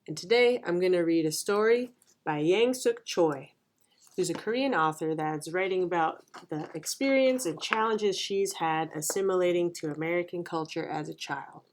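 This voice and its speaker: A storytime host reading a children's picture book aloud. The narration is clear and gentle, in a mid-pitched voice. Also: moderate pace, a little hiss or hum. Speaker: storytime reader.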